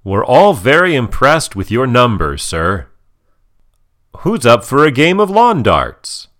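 A man's voice: mid-range voice, wildly swooping pitch, takes it slowly, a bit bright, pitched above the performer's own voice, heavily acted. Brief: man voicing cheerful robot suburban dad, upbeat and hearty. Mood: chipper.

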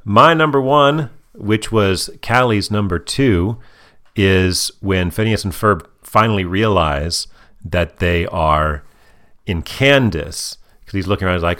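A man's voice: low voice, slow, fairly bright tone. A man hosting a casual podcast with his daughter, chatting about a cartoon episode. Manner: chatty, plays dad to daughter co-host. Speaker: podcast host. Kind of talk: casual chat.

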